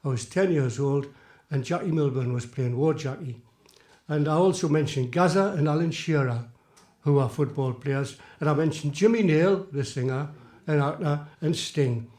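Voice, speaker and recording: A man in his eighties with a Geordie accent softened by years in London, chatting and telling self-mocking jokes between songs as a folk singer on a small theatre stage. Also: fairly high pitch, moderate pace. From Tyneside, England. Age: 80s. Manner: chatty, rambling, self-mocking joke teller. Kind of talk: live folk club patter between songs. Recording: roomy live theatre sound.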